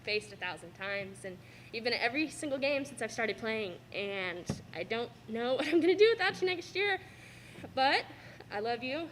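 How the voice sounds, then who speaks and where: A woman's voice: a little high, lively intonation, moderate pace, fairly bright tone, a little hiss or hum. A young woman giving an emotional thank-you speech in a school cafeteria, fighting back tears and laughing nervously between sentences. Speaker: student athlete giving a farewell speech.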